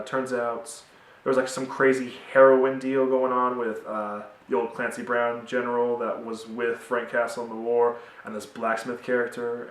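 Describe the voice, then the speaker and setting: A man's voice: medium pitch, a bit bright, distant mic. A young man giving a casual, rambling TV review with many fillers, recorded at home in a roomy space away from the mic. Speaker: TV show reviewer.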